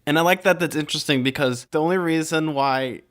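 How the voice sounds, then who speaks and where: A man's voice: a little high, quick pace, fairly bright tone. A young man from California co-hosting a casual podcast, rambling and easygoing with lots of filler words. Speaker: podcast co-host. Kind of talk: casual chat.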